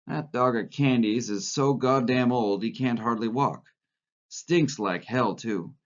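A man's voice: mid-range voice, a little slow, lightly acted. A man reading the part of a blunt, coarse male ranch hand. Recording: lo-fi recording.

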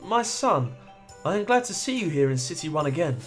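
A man's voice: fairly high pitch, very animated, a little fast, soft background music. A man reading the lines of a stern, regal woman who leads a cult, in a cold, scolding tone. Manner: cold, scolding, self-righteous.

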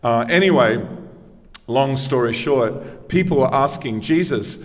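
Male preacher, middle pitch, chatty storytelling sermon, long church reverb. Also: animated, unhurried. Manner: conversational storytelling with emphatic rhetorical questions.

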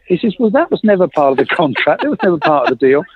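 A middle-aged man telling a story as a guest on a podcast. His pitch sits a bit high and leaps around as he acts out each quoted line with jokey, self-mocking flair. The sound is dry and thin, like a phone call, with a slightly husky edge. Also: fast talker, no room sound. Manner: lively storyteller acting out quoted dialogue. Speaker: guest, innovation consultant. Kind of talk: animated anecdote telling in a podcast interview.

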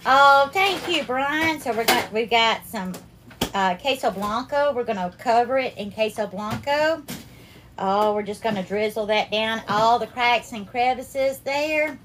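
A woman hosting a live cooking stream, warmly greeting viewers by name and calling them darling and sweetheart. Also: a little high, a little slow, background noise. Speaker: cooking livestream host.

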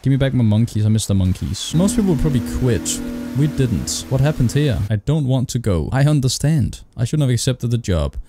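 A man's voice: medium pitch, expressive, fairly quick, hardly any pauses, over music. A man doing let's play commentary on a horror game, reading its dialogue aloud and swearing back at its characters. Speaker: gaming YouTuber.

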